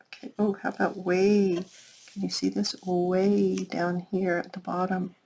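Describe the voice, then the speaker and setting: A woman's voice: lowish voice, level tone, unhurried, gravelly, dark tone. A woman chatting casually while working on a craft project, thinking aloud and talking to her viewers. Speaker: craft vlogger. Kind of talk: casual crafting tutorial chat.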